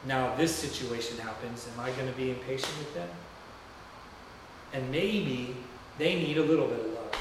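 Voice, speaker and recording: A pastor preaches a sermon in a church sanctuary, telling a story in a loose, rambling, conversational way. His voice is mid-range at a normal speed, with background noise. The recording comes from a distance in a very echoey room.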